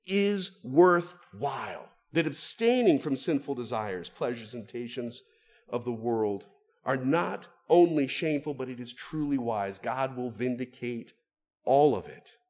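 A man preaching a sermon, moving between quiet, low asides and raised, stressed phrases for emphasis. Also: expressive, measured pace.

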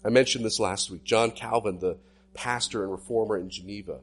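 A male pastor delivering a sermon in an animated preaching style with sweeping swings in pitch. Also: fairly quick, slightly rough.

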